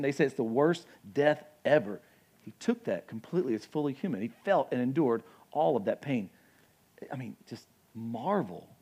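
A young adult man preaching a sermon as pastor, conversational and animated, with asides and acted-out quotes. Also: mid-range voice.

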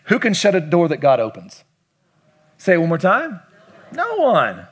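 Middle-aged pastor guy from kentucky preaching, pretty high voice, punchy and keeps asking the room questions. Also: wildly swooping pitch, measured pace, husky. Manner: emphatic, asks the congregation questions and repeats lines. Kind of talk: preaching a sermon.

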